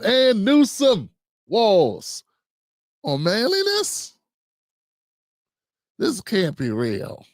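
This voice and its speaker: Older male streamer host, chatty and self-mocking, slightly raised pitch, dry. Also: dry recording. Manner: joking, rambling, talks to himself. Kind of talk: casual livestream talk.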